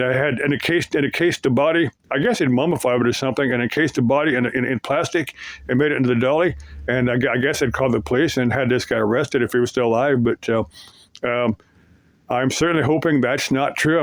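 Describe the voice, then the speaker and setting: A man's voice: mid-range voice, dry recording. A man casually retelling creepy stories, rambling with many fillers and restarts. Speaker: storyteller.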